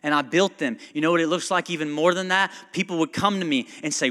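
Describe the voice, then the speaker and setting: A man's voice: fairly high pitch, fairly even intonation, quick pace, few pauses, bright, forceful tone. A male pastor giving a casual, story-driven sermon, quoting people and asking the congregation questions. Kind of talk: conversational sermon. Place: church sanctuary. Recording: long church hall reverb.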